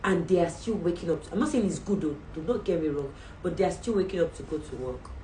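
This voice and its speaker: A Nigerian woman hosts a faith show and speaks in an earnest, exhorting, chatty way. Her voice sits a little low. She is recorded a step away from the mic in a roomy space with a faint hum behind her. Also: lively intonation, quick pace, warm tone, far from the mic. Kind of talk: livestream sign-off talk.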